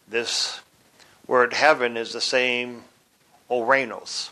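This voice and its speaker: A man teaching from the Bible in a deliberate, explanatory way, spelling out words letter by letter. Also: mid-range voice, fairly even intonation, bright, forceful tone.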